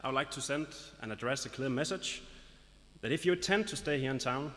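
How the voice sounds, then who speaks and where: A man representing a local business association delivers a formal, announcing-style speech with light jokes at a graduation ceremony in a large hall. His mid-range voice is expressive, brisk, and fairly bright, with the long reverb of the big hall around it.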